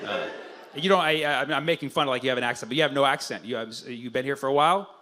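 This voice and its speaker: A man's voice: mid-range voice, fast, bright, forceful tone, a little hiss or hum. A man doing stand-up crowd work at a live comedy show, bantering brashly and profanely with the audience.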